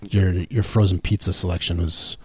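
A man's voice: deep voice, fairly even intonation, normal speed, a little mellow, husky, no room sound. A man co-hosting a casual comedy podcast, dry and sarcastic, talking with many fillers. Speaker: podcast co-host.

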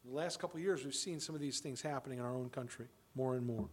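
A man's voice: medium pitch, fast talker, a little mellow, husky. A man preaching a sermon, emphatic and full of rhetorical questions. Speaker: pastor; father of children.

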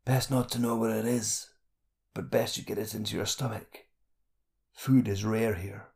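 A man's voice: steady tone, a little slow, a little mellow. A man doing a faint, starving old prisoner. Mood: weary. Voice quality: low, faint and breathy. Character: starving sickly skinny male prisoner, weak.

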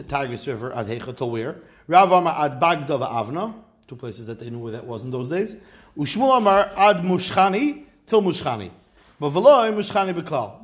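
A man teaching a relaxed Talmud class as a rabbi, reading Aramaic phrases and then explaining them in casual, wry asides. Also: a little high.

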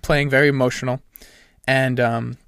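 A young man co-hosting a podcast in casual chat, telling an animated story and laughing at himself. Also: medium pitch, moderate pace, creaky, clean tone, no room sound, studio quality. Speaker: podcast co-host.

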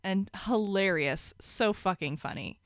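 A woman's voice: mid-range voice, a little slow, no room sound, studio quality. A woman, co-hosting a podcast in casual chat, laughing often and swearing casually. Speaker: podcast co-host.

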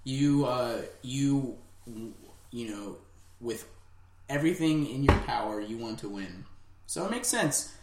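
Hesitant co-host in an echoey room. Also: male voice, mid-range voice, takes it slowly, a little hiss or hum. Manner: relaxed, hesitant, many fillers. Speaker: podcast co-host. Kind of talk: casual chat.

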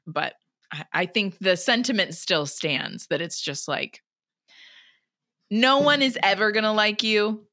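A woman's voice: medium pitch, big pitch swings, measured pace, bright, forceful tone. A woman co-hosting a podcast, chatting animatedly as she retells a book chapter. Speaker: podcast co-host. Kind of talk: casual chat recapping a book.

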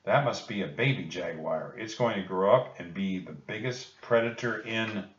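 A man's voice: fairly low pitch, moderate pace, natural voice. A man voicing a cautious, bookish young boy in a storybook read-aloud, earnest and a little anxious. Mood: lecturing. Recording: echoey, distant and muffled.

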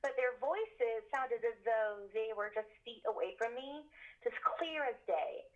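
A woman casually telling a spooky story, animated, laughing often and full of fillers. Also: on the high side, unhurried, narrow, tinny audio. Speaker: guest telling a ghost story.

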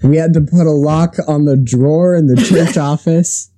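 A man's voice: a little high, moderate pace, warm tone. A man chatting casually as a co-host, cutting in with dry, teasing remarks. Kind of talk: casual chat.

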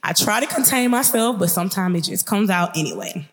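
A woman in her twenties with a thick Mississippi Southern accent, hosting a podcast in a chatty, upbeat monologue that speeds up when she gets excited. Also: medium pitch, brisk. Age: 20s. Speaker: podcast host. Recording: long reverb.

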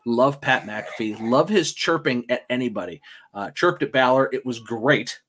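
Rambling excitable man on a podcast. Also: medium pitch, normal speed, husky. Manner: rambling, filler-heavy, excitable. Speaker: podcast co-host. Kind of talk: casual chat.

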